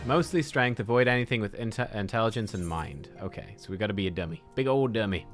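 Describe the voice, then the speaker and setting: A man's voice: lowish voice, fast talker, soft background music. A man giving casual let's-play commentary, rambling and self-deprecating as he thinks aloud. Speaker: gaming video creator.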